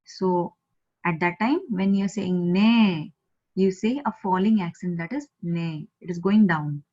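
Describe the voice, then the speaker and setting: Indian woman teaching Japanese slowly. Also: fairly low pitch, warm tone, breathy edge. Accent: Indian English. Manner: patient, repeats words slowly for learners. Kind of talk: online language lesson. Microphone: video call. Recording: slightly muffled video call audio.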